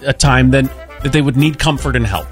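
A man's voice: medium pitch, fairly quick, soft background music. A man hosting a radio morning show, telling a story in casual, rambling chat.

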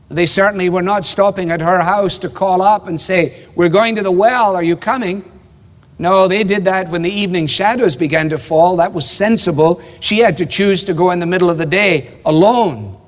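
Male preacher, somewhat high voice, emphatic teaching, long reverb of a church hall. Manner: measured, emphatic teaching with rhetorical questions. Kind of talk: expository sermon.

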